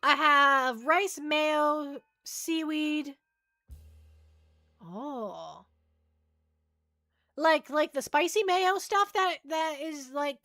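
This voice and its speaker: There's no room sound around this woman's high, slightly bright voice. She hosts a livestream, casually chatting and rambling as she answers viewers' questions, often repeating herself and making jokes at her own expense.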